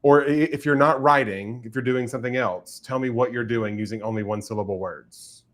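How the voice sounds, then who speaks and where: A man's voice: mid-range voice, brisk, fairly bright tone. A man hosting a casual writing livestream, chatty and giggling often. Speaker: livestream host and writer.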